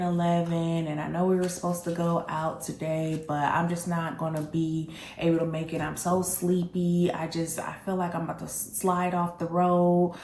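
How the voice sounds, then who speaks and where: A woman's voice: lowish voice, a little mellow, reverberant, slight background noise, lightly acted. A woman voicing her tired, whiny truck driver boyfriend, sounding sad and pleading.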